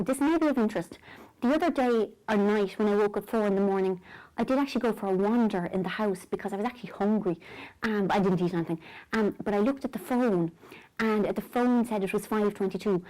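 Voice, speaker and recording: A woman's voice: mid-range voice, quick pace, a little mellow, rough recording. An Irish woman chatting casually to camera from bed at night, self-mocking and dropping into whispers. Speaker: vlogger. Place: bedroom at night.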